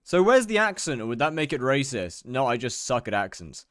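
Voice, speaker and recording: A man's voice: medium pitch, big pitch swings, brisk, a bit bright, no echo, clean studio sound. A young British man chatting casually on a live stream while gaming, rambling and mocking himself as he reads out chat.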